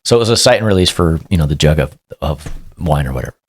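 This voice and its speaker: A man, a police sergeant, telling a story in a casual and animated way as a podcast guest, acting out what people said. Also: very deep voice, quick pace, dry recording. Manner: animated, acts out quotes.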